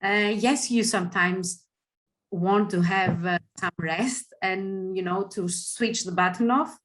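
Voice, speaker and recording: A woman with a Greek accent, a panelist who answers thoughtfully with frequent hesitant pauses. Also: medium pitch, a bit bright. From Greece. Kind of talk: panel discussion.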